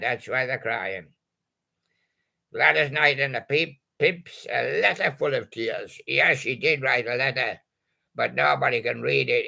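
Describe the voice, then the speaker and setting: A man's voice: medium pitch, gravelly, sharp tone. A male host making playful, punning patter about old song titles and chuckling at his own jokes.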